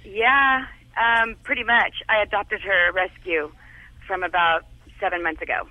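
A woman's voice: mid-range voice, steady tone, measured pace, dry recording. A woman from Southern California calling in to a radio show, giddy and giggly about her cat question. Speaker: caller. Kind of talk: call-in question. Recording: dull phone line.

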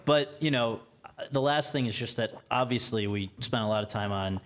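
A man's voice: mid-range voice, normal speed. A man hosting an interview, asking engaged, supportive questions with long lead-ins. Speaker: interview host. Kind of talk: conversational interview.

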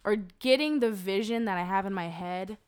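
A young woman in casual podcast conversation. She rambles and swears freely, and her voice is smooth and clear, pitched in the middle. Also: moderate pace, no room sound. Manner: rambling, candid, swears often. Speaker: podcast guest, web designer.

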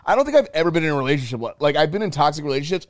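Young male co-host, crude and joking, bouncy high delivery, dry close sound. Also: racing, no echo. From Hastings, Canada. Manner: profane, joking, lively. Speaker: podcast co-host. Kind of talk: casual crude chat.

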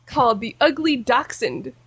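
High breathy woman cohost, slow and easy, dry close sound. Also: animated, a bit bright, dry recording. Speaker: podcast co-host. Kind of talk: casual podcast chat.

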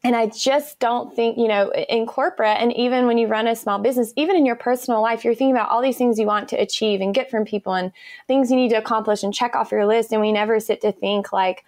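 A woman's voice: on the high side, fairly even intonation, quick pace, darkish tone, dry recording, studio quality. A woman in her thirties with an American accent, a podcast guest chatting casually and telling stories with lots of fillers and enthusiasm. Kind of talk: casual interview chat.

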